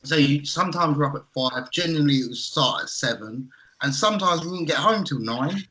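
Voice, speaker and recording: Bright-voiced easygoing man. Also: on the high side, animated, a little fast, slight background noise, poor audio. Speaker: podcast co-host. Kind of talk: casual chat.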